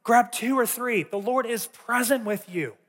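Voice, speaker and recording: A man's voice: very high-pitched, measured pace, a bit bright, husky. A man teaching a sermon in a conversational way, telling personal stories to a church audience. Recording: long reverb of a large hall.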